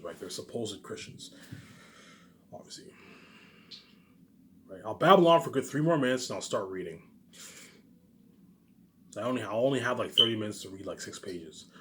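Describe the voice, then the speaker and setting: A man's voice: lowish voice, a bit bright, slight background noise. Boastful rambling man. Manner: boastful, repetitive, restarts often. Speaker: vlogger. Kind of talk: rambling home monologue. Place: home, noise upstairs.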